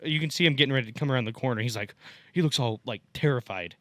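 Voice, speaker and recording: Bright-voiced man telling a rambling story. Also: medium pitch, rapid-fire, no echo. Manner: rambling storyteller, swears, laughs at his own story. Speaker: podcast co-host telling a work story. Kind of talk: casual chat.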